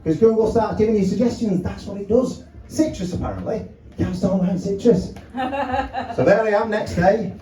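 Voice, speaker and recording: A man's voice: high-pitched, normal speed, dark tone, recorded from a distance, a little hiss or hum. A man doing a stand-up comedy set, chatty and swearing, acting out phone calls, with a crowd laughing behind him. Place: small pub comedy room. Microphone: handheld mic, filmed from far by tripod camera. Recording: roomy pub room from afar with crowd laughter.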